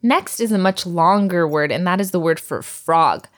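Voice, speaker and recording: A woman's voice: fairly low pitch, moderate pace. A woman teaching vocabulary to a learner, patient and encouraging, often laughing. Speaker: language teacher.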